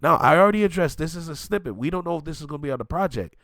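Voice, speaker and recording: A man's voice: fairly high pitch, animated, racing, fairly bright tone, no echo, studio quality. A man hosting a music reaction video, ranting emphatically and in disbelief as he gives his take.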